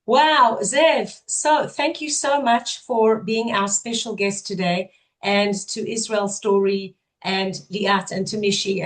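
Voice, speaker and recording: A woman's voice: medium pitch, low-quality recording. A woman hosting an online webinar interview, asking questions and thanking guests in an upbeat, enthusiastic way. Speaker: webinar host.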